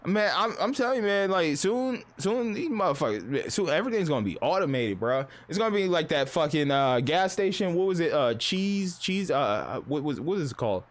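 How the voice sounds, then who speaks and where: Male streamer, high voice, swearing through a casual rambling rant. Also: a little fast, hardly any pauses. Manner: profane, rambling, storytelling with animated asides.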